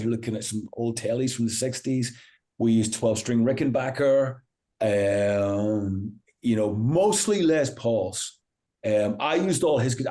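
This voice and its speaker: A male rock musician in an interview, telling anecdotes in a lively, casual way, acting out the people he quotes, with many restarts and a lot of "you know". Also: mid-range voice.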